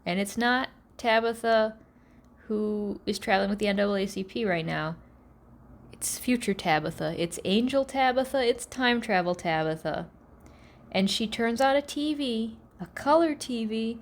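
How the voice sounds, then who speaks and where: Woman, podcast host, sarcastic recap, animated mock voices, slightly high pitch. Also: unhurried. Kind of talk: comedic episode recap.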